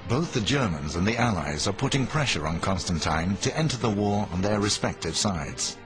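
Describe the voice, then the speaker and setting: Lowish, lively male documentary narrator over a music bed. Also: moderate pace. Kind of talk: scripted narration.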